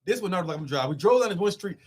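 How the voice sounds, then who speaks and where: A young man telling a road story in casual, animated talk, swearing as he goes. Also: high-pitched, slightly rough. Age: young adult. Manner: animated, swearing, quick rambling with loud swings. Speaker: guest.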